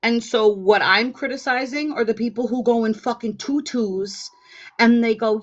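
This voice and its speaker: A woman's voice: on the high side, normal speed, fairly bright tone. A woman hosting a casual political panel, swearing a lot and mocking people with heated sarcasm. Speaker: host. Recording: dull lo-fi stream audio.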